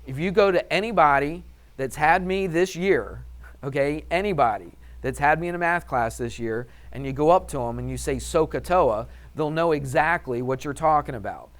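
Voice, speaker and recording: This math teacher has a fairly high voice and speaks at normal speed. Upbeat and talkative during the class lesson, he peppers students with questions and supplies the answers himself.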